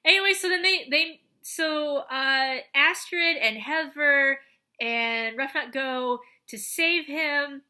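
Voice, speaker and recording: A young woman chatting casually in a review vlog, animated and full of fillers, often acting out her own reactions. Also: sits high, slow pace. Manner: chatty, animated, lots of fillers and acted quotes. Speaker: show reviewer.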